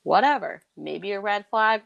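A woman's voice: mid-range voice, lively intonation, measured pace, gravelly, fairly bright tone, muffled recording. A young woman hosting a podcast, telling a story in casual chat and acting out the quotes with big jumps in voice and laughter. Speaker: podcast host.

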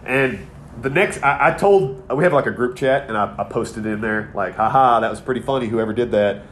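A man in his thirties, co-hosting a podcast, tells a long, wandering, foul-mouthed story in relaxed conversation. His voice sits at a medium pitch with a fairly bright tone, moving at a moderate pace, and there's a slight hiss or hum in the recording.

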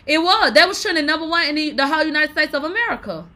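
A woman runs through celebrity fan drama in casual commentary. Her voice sits high and sounds bright and forceful. She talks in an animated, profane way with dramatic exclamations. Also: quick pace. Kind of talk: casual pop-culture commentary.

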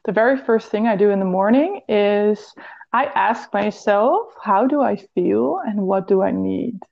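A woman's voice: mid-range voice, unhurried, gravelly, highs cut off. A woman with a Dutch accent, a health and fitness coach, speaking earnestly in a podcast interview and now and then searching for an English word.

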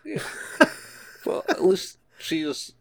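A man's voice: sits high, sing-song, very slow, creaky, fairly bright tone. A man co-hosting a podcast, casually retelling scenes from a show in a laid-back way and laughing often. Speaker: podcast co-host. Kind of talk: casual chat recapping a show.

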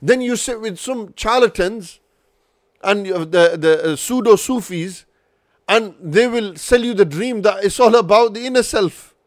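Male podcast host, fairly high voice, dry close sound, earnest advisory talk. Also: a little slow, no room sound. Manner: earnest, advisory, many restarts. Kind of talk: casual podcast discussion.

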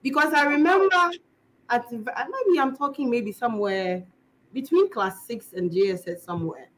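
Una mujer joven con acento inglés de Ghana que conversa de forma informal como invitada en una entrevista y cuenta anécdotas de manera animada, imitando voces. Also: female voice, fairly high pitch, moderate pace, rough recording. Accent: Ghanaian English. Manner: animated, acts out voices while telling stories. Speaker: guest storyteller, actress. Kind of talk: casual interview chat.

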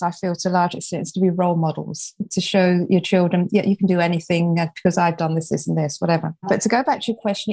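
A woman's voice: mid-range voice, warm tone, dry recording. Brief: sixties woman from England, interview guest, earnest and reflective storyteller. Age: 60s. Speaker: author guest. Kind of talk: interview conversation.

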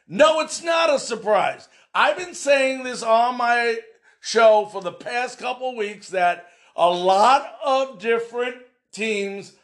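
Very high-pitched, slow-talking sports podcast host. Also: male voice. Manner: loud, emphatic, often shouting, fillers.

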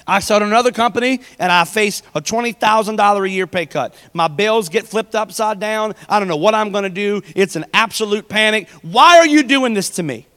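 A man's voice: sits high, fairly quick, hardly any pauses, pushed and bright, clear, resonant tone, big-room sound. A man, preaching a sermon in a conversational way, full of personal stories. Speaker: pastor.

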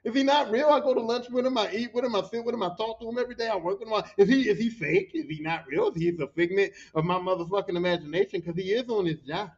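A man hosting a podcast, telling animated, profane stories about his job as a pile driver. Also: high voice, quick pace, few pauses. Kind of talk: casual storytelling. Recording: dull lo-fi recording.

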